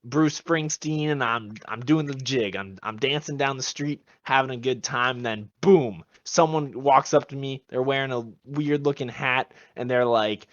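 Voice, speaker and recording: A man's voice: mid-range voice, a little slow, few pauses, a bit bright, dry recording. A man co-hosting a casual comedy podcast, telling goofy, absurd tall tales in a joking manner. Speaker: podcast co-host. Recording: dull lo-fi sound, dry.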